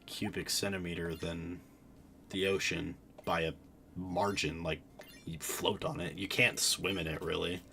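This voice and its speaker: Tired male streamer, deep voice, unhurried rambling chat, faint hiss behind, keyboard clicks. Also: flat delivery, vocal fry, sharp tone. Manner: rambling, self-interrupting, chatty. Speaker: game streamer. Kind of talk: casual gaming stream chat.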